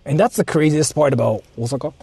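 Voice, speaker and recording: A man with a fairly high, dark-toned voice talks fast while vlogging behind the wheel. He rambles casually, using lots of fillers and swearing. Faint road and street noise can be heard in the car.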